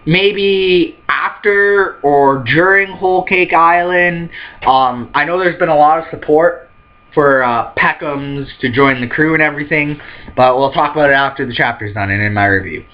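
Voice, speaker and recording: A man hosting a manga reaction video, excitable, laughing often and reading characters' lines aloud in quick put-on voices. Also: on the high side, muffled recording. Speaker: manga reaction channel host. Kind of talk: live manga chapter reaction.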